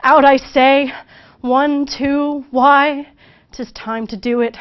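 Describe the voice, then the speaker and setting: A woman voicing a guilt-crazed noble lady, crying out loud and high-pitched. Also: fairly even intonation, takes it slowly, highs cut off. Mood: frantic.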